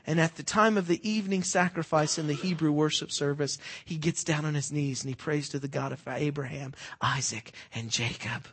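A man preaching a sermon, quizzing the congregation with fill-in-the-blank questions and swinging between hushed and loud, emphatic delivery. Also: on the high side, fairly quick, hardly any pauses, slight background noise.

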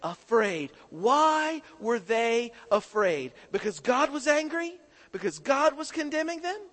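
High-voiced preacher quizzing his congregation. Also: very animated, slow pace, a bit bright. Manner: questions the congregation, call-and-response. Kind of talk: sermon. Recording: echoing hall reverb.

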